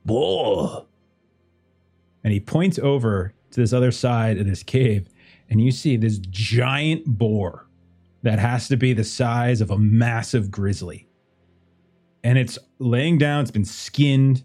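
A man narrating scenes as game master of a tabletop game in a relaxed, descriptive way. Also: mid-range voice, slow pace, soft background music.

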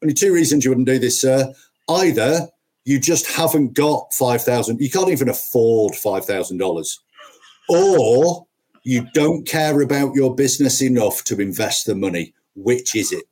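A pushy, blunt phone salesman pressing hard for a sale, as a man quotes him in his own husky voice. The words come out quick and clipped, with a pitch that sits a little above plain talk. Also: lively intonation, a little mellow, close to an everyday voice.

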